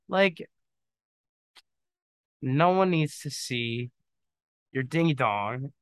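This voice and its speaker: A man hosts a solo podcast, rambling through jokey opinions and often saying "dude". His voice is bright and clean. It is recorded dry and close. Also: mid-range voice, animated, extremely slow, smooth, no echo. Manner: trails off into mumbling asides. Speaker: podcast host. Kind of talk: casual solo monologue.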